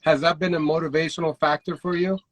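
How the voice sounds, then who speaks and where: A man hosting a livestream interview over a video call, asking polite, slightly halting questions. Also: fairly high pitch, little pitch movement, no echo, low-quality recording. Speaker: host.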